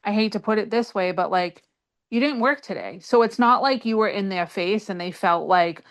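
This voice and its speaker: Smooth-voiced young woman chatting. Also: mid-range voice, moderate pace. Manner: supportive, many "like" fillers. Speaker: podcast co-host. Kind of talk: casual chat.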